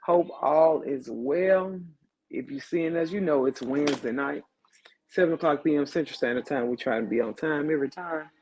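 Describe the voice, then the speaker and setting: A man's voice: on the high side, darkish tone. A man hosting a live podcast in a loose, joking way, tired after a long day. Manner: loose, joking, drawn-out greetings. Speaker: podcast host. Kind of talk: casual live podcast chat.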